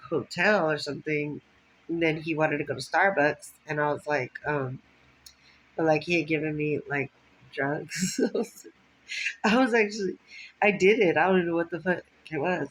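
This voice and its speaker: Woman vlogger, casual storyteller, rambling and foul-mouthed, quick laughs, faint noise behind. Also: deep voice, a bit bright, poor audio. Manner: rambling, profane, laughs often. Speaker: vlogger telling stories.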